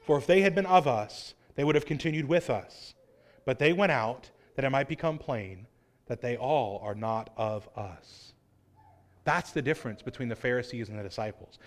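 A man preaching a sermon in an earnest way, pressing his points with rising emphasis. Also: mid-range voice. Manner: earnest, acts out quoted voices, rising emphasis.

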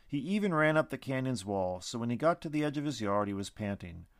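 A man narrates a storybook with an animated, expressive reading. His pitch sits mid-range for a man but moves a lot, and the recording is close and dry with no room sound. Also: a little fast, no room sound.

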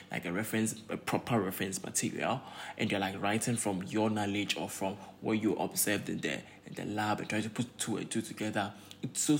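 A young Ghanaian-accented man rants in a casual vlog. His voice sits fairly low, and he circles back on his words with plenty of ums and uhs. A faint hum of room ambience runs underneath. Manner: exasperated, repeats himself, many fillers. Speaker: pharmacy graduate vlogger.

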